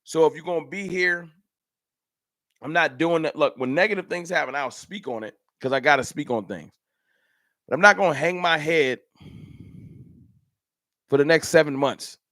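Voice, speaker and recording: A man's voice: on the high side, moderate pace, long pauses, pushed and bright, dry recording, studio quality. A man hosting a casual fan livestream, talking straight to his chat viewers. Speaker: livestream host. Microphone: camera mic.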